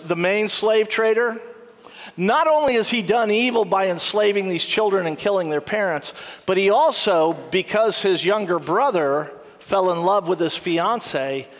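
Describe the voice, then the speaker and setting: High-voiced preacher in a reverberant hall. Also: male voice, fairly bright tone. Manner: storytelling, acts out quoted lines. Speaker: pastor. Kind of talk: sermon.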